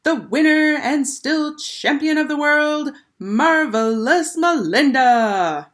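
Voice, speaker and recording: A woman doing Laurie, a shrill teasing schoolgirl. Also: animated, slow pace, fairly bright tone, exaggerated voice. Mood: bellowing. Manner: shrill, taunting, gleeful.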